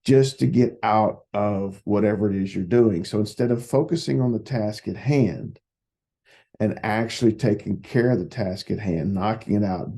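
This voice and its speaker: A man's voice: fairly low pitch, creaky, warm tone, breathy edge. A man who works as a psychotherapist, giving folksy, casual advice and telling stories. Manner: folksy, repetitive, storytelling.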